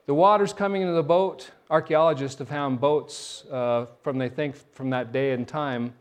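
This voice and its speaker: A middle-aged man, a pastor, preaching a sermon in an animated storytelling way, often restarting and repeating words. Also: fairly high pitch, moderate pace, smooth.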